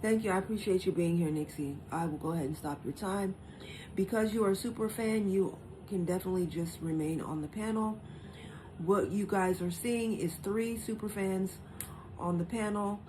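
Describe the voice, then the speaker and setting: A woman's voice: medium pitch, normal speed, noisy background. Chatty woman hosting a live stream. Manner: reassuring, chatty, reads stats aloud.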